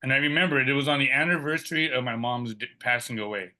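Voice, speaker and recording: Bright-voiced middle-aged man telling stories. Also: mid-range voice, fast. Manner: lively, acts out quoted dialogue. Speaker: podcast guest. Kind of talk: personal storytelling.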